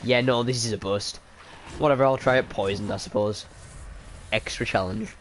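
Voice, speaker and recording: Slight noise sits behind this man's lowish voice, which moves at a moderate pace. Streaming a game, he keeps up a relaxed running commentary, making self-deprecating jokes and talking to viewers by name.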